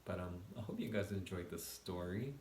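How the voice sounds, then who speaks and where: A man quietly telling a casual storytime vlog late at night at home, keeping his voice down and laughing often. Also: deep voice, expressive, moderate pace, echoey room, a little hiss or hum. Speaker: vlogger.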